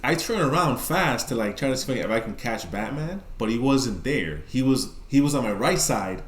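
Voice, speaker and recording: A man's voice: mid-range voice, moderate pace, roomy sound. A man with a New York accent telling a story casually, with lots of swearing and filler words. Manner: profane, animated storyteller, many fillers. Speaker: podcast guest telling a story.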